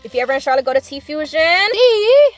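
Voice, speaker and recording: A woman's voice: sits high, steady tone, racing, faint music behind. A woman, chatting casually to the camera in a playful vlog, laughing often. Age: 20s. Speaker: vlogger. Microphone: camera mic.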